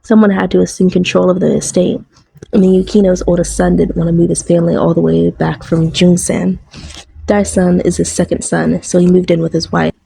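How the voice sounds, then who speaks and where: A woman's voice: on the low side, flat delivery, fairly quick, gravelly, dark tone, husky, full character voice, rough recording. A woman voicing a frank, offhand young woman in a storybook.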